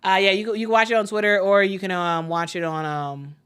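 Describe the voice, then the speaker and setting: Woman, fan-channel play-by-play caller; bright, chatty, excitable, talks to viewers. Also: medium pitch, brisk, clean tone. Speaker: play-by-play commentator. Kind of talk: casual live play-by-play stream.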